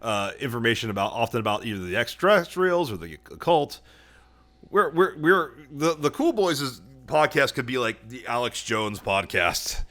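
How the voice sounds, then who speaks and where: A man's voice: mid-range voice, big pitch swings, normal speed, fairly bright tone. A man co-hosting a podcast in casual chat, rambling through his points and swearing freely. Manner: rambling, restarts often. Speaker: podcast co-host.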